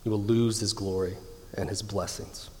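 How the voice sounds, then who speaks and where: A man in his thirties preaching a sermon with emphatic delivery, slowing down to stress key lines. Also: lowish voice, steady tone, a little hiss or hum. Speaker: pastor. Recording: long hall reverb.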